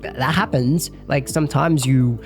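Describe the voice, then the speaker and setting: A man's voice: mid-range voice, normal speed, faint music behind. A young man giving a casual English lesson, talking loosely with lots of fillers and the odd swear word. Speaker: English teacher.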